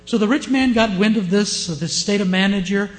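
A man with a Southern US accent preaching a sermon, often asking his listeners questions and shifting his pace and loudness. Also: sits high, fairly quick. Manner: asks the congregation questions, varies pace and loudness. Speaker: pastor.

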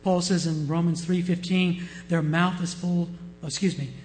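A male pastor preaching a sermon with passion, swinging from loud declarations to hushed words. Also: high voice, little pitch movement, normal speed, poor audio.

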